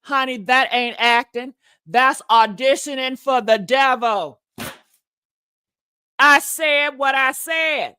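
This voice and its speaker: A woman's voice: high-pitched, takes it slowly, sharp tone, clear, resonant tone, dry recording, studio quality. A woman hosting a gossip commentary vlog, sassy and dramatic, preaching at viewers with church-style calls and pet names like honey and baby. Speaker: commentary channel host.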